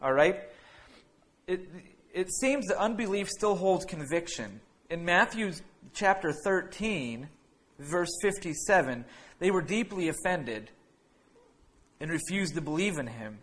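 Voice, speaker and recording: A man with a somewhat raised voice preaches a relaxed sermon, telling a family story as if chatting with friends. He wanders through his anecdote, restarting sentences and leaning on fillers along the way. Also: high-pitched, a little slow. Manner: breaks into laughter while telling a funny story.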